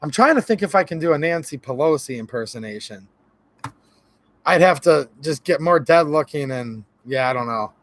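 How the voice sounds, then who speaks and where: A man's voice: on the high side, animated, moderate pace, a bit bright. A man hosting a casual livestream, laughing often and reading viewer chat aloud. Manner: laughs a lot, reads chat aloud, jokey. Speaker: livestream host. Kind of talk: casual live-stream chat.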